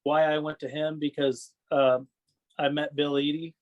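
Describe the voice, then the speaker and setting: A man chatting as a podcast guest, his voice sitting a bit higher than most men's. He rambles through loose stories and keeps checking in with "you know what I mean", laughing now and then. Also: little pitch movement, normal speed, dull audio. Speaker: podcast guest, wrestling fan. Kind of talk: casual storytelling chat.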